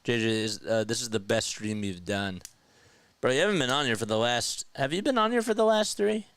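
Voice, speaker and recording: A young man doing live baseball play-by-play as a streamer, chatty and quick to laugh, reading viewer comments between pitches. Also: lively intonation, a bit bright, clean tone, no room sound. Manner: chatty, laughs often, reads chat aloud.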